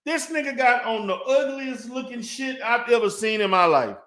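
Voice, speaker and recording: High-voiced man ranting in an echoey room. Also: lively intonation, moderate pace, pushed and bright. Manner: profane, mocking, heated. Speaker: online commentator. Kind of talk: ranting response video.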